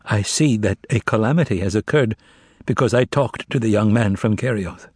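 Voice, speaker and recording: A man voicing a calm, gentle condemned male preacher who speaks softly and earnestly. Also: lowish voice, moderate pace, husky, dry recording, studio quality.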